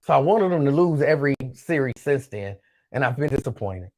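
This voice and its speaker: A man's voice: medium pitch, expressive, brisk, a little mellow. A man hosting his own show, chatting casually on his own and reading out viewer comments in a loose, rambling way that repeats itself. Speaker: show host.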